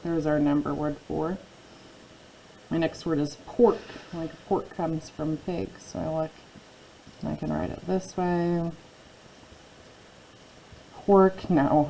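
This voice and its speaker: A woman teaching a phonics spelling lesson, speaking slowly and patiently, repeating each word and asking the listener questions. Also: low voice, level tone, creaky, mellow, a little hiss or hum, poor audio.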